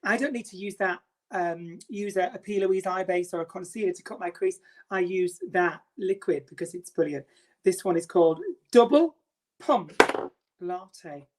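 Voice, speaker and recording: A woman's voice: fairly low pitch, normal speed, darkish tone. A middle-aged woman hosting a makeup live stream, theatrical and self-mocking, greeting viewers by name.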